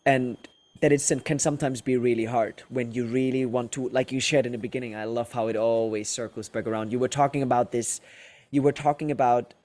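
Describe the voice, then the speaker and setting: A man's voice: mid-range voice, steady tone, fairly quick, a little mellow. Earnest male podcast host. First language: German. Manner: earnest, searching, heavy use of filler words. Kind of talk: casual interview on a call.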